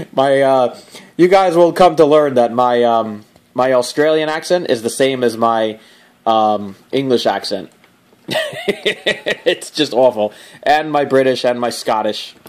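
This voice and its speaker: A man hosting a casual toy review, rambling and joking, laughing often and swearing offhandedly. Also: medium pitch.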